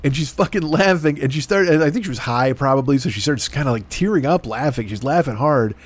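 A man's voice: mid-range voice, animated, brisk, slightly rough. A middle-aged man telling a long, profane, self-deprecating story in a rambling podcast monologue. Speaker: podcast host.

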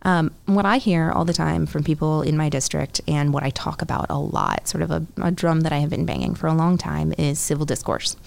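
Gravelly-voiced woman candidate, earnest. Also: low-pitched, steady tone, a little fast, hardly any pauses, a little mellow. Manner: earnest, talks in lists, often adds "right?". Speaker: congressional candidate. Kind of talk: political interview.

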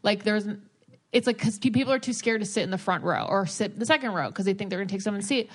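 A woman's voice: mid-range voice, fast talker. A woman co-hosting a casual chat podcast, ranting and swearing as she acts out quotes. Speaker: podcast co-host.

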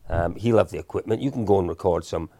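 A man in his fifties, a guest in an interview, telling anecdotes in a relaxed, self-deprecating way. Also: low voice, fast, no echo. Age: 50s. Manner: anecdotal, self-deprecating, with frequent restarts and chuckles. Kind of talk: casual storytelling in an interview.

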